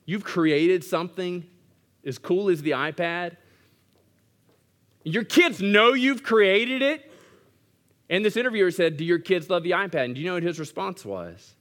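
A man preaching from the pulpit in a voice pitched a little above the usual for men. He is animated, dropping into quiet asides and then climbing to loud, emphatic lines. His tone stays conversational, direct and earnest. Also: a little slow, long pauses. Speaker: pastor. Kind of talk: sermon.

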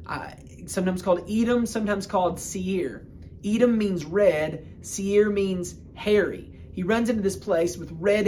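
A man's voice: high voice, a little mellow, a little hiss or hum. Casual, joking male preacher. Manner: casual and humorous, quick bursts of speech. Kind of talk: sermon retelling a Bible story.

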